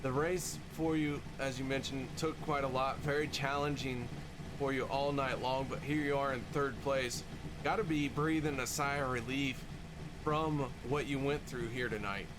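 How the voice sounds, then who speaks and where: A man's voice: medium pitch, fairly even intonation, normal speed, background noise. A man hosting a racing broadcast, interviewing drivers after the race and reading the finishing order in an upbeat announcer style. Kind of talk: post-race interviews and results.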